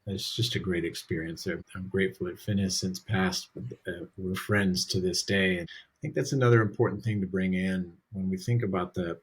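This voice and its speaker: A middle-aged man with a low, husky voice talks in relaxed conversation. He sounds earnest and reflective, candid about his own mistakes. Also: normal speed. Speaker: podcast guest, dog trainer. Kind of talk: casual conversation.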